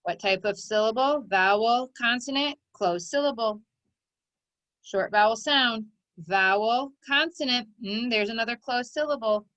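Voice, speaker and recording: A woman's voice: on the high side, unhurried, fairly bright tone, no room sound, poor audio. A woman teaching a recorded phonics lesson to children, giving encouraging step-by-step instructions.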